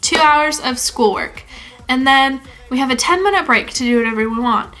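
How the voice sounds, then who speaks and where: A teenage girl from the United States talks casually to the camera in a vlog, breaking into giggles and correcting herself as she goes. Her voice sits high and sounds bright and clear. Soft music plays faintly behind her. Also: moderate pace, rough recording. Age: teens. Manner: chatty and giggly, with frequent laughs and self-corrections. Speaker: exchange student vlogger.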